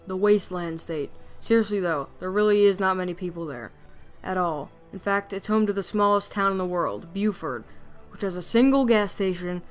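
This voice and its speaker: A woman's voice: mid-range voice, clean tone. A woman narrating facts in a casual, playful way, joking as she goes. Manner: playful, jokey, chatty.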